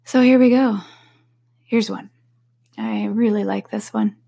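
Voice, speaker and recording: Husky, gravelly woman chatting candidly. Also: fairly high pitch, steady tone, unhurried. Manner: chatty and candid, drifting into soft whispers. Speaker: podcast host. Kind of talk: casual solo podcast, reading quotes.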